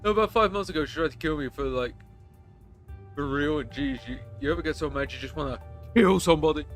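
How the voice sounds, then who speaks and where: A game streamer reading the lines of a chatty, rough male stranger on a bus, telling crude stories in a rambling way. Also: mid-range voice, fast, faint music behind, natural voice.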